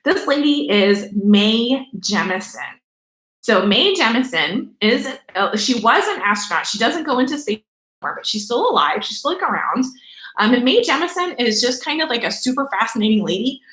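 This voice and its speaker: A young woman teaching children a remote lesson from home in an animated, chatty, playful way. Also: a little high, echoey room, rough recording. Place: room at home.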